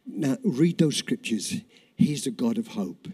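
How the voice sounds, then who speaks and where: An older man preaching a sermon and telling a personal story, in an animated, repetitive storytelling way. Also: medium pitch, a little slow, slightly rough. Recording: reverberant hall.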